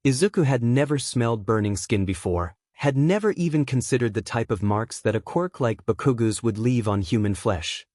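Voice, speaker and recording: A man reading a dark fan fiction story aloud as narrator, in a steady, even storytelling manner. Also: medium pitch, dry recording, studio quality.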